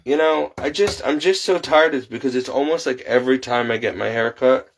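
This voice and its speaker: A man vlogging in a casual, exasperated rant, his voice climbing high as he complains. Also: a little fast, slight background noise, poor audio. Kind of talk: casual ranting monologue.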